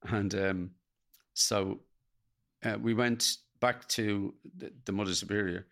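An older Irish man recounts his story as an interview guest, speaking plainly and earnestly. His voice sits fairly low and carries a gravelly rasp. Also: fairly even intonation, slow pace, fairly bright tone. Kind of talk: personal storytelling in a podcast interview.

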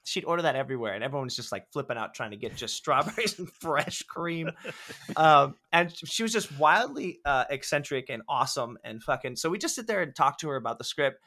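A man's voice: fairly high pitch, fairly quick. A man in his thirties, a guest filmmaker, telling casual stories with lots of swearing and laughter. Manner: animated, profane, laughing storyteller. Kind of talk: casual podcast storytelling.

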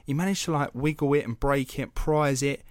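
A man's voice: mid-range voice, steady tone, normal speed, dry recording, clean studio sound. A young man hosting a podcast, telling a story in a loose, chatty way, swearing freely and padding with fillers. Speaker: podcast host. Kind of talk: casual storytelling chat.

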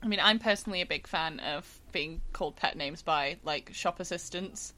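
A woman's voice: lowish voice, pushed and bright. A woman chatting casually with friends on a podcast, playful and teasing. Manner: playful, teasing, quick to laugh. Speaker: podcast co-host. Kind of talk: casual chat.

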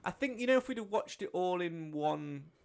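A man's voice: sits high, lively intonation, normal speed, creaky, clean tone. A man co-hosting a podcast in casual chat, jokey and rambling as he thinks aloud. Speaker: podcast co-host.

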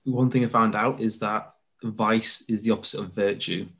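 A man's voice: lowish voice, fairly even intonation, moderate pace, a bit bright. A man in casual podcast chat, reading out definitions and facts he looked up. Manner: reads out looked-up definitions and facts, laughs along. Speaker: podcast co-host.

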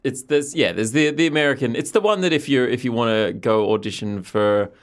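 A man co-hosting a podcast in casual chat, halting and hesitant as he recaps. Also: medium pitch. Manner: hesitant, halting, many restarts. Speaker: podcast co-host.

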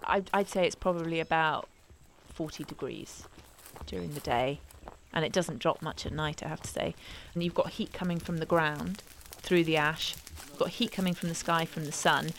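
A woman recounting her fieldwork with a lower, steady voice. She tells it as a lively story and jumps up in pitch when acting out quoted lines. Her delivery is casual and animated. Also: normal speed, gravelly, a little hiss or hum. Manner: animated, acts out quotes in a higher voice. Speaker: wildlife filmmaker interviewee. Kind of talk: conversational storytelling.

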